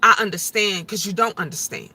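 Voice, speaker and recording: A woman's voice: mid-range voice, fairly quick, sharp tone, breathy edge. A middle-aged woman talking on her vlog livestream in a heartfelt, emotional and repetitive way. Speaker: vlogger. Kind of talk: casual livestream talk.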